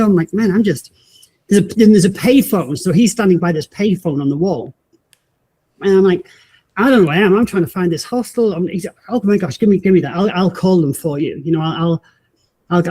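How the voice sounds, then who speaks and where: A woman, a podcast guest telling a personal story in animated fashion, acting out the voices of people she met and often restarting her sentences. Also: on the low side, husky. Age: 50s. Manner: acts out quoted voices, frequent restarts.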